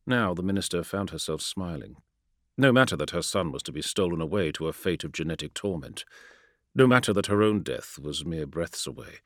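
A male audiobook narrator with a fairly low voice, reading a dramatic story with lively swings in pitch. His delivery is expressive and shaped for suspense. The recording is close and dry. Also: fairly quick, no echo. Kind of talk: scripted narration.

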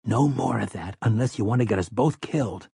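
A man voicing a tense young boy in an audiobook, speaking in a hushed, urgent way. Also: medium pitch, a little fast, gravelly, breathy edge, no room sound, clean studio sound. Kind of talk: audiobook character voice.

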